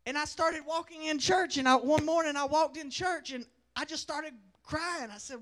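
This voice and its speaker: A young man with a very high-pitched voice delivers a sermon testimony. He moves between loud, emphatic lines and quiet, hushed storytelling. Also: moderate pace. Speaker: preacher.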